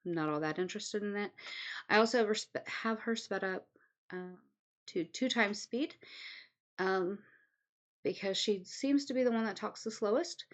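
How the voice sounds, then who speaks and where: A woman at home giving casual, rambling commentary, chatty and full of "um"s. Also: medium pitch. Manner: rambling, chatty, many ums. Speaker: commentary host.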